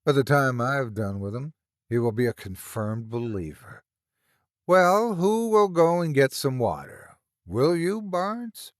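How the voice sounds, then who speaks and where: A man voicing Meagle, a boisterous, teasing young man who grows sharp and urgent, in a read-aloud horror story. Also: mid-range voice, expressive, unhurried, no echo, clean studio sound, close to an everyday voice. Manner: hearty, teasing, rising to sharp.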